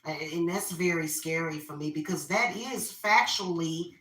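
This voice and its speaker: Opinionated woman, bright voice, repetitive venting, recorded off-mic in an echoey room. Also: fairly low pitch, unhurried, distant mic. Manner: opinionated, venting, repeats herself. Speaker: spiritual reader and vlogger. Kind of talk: casual rant while carving a pumpkin. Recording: roomy echo, voice off-mic.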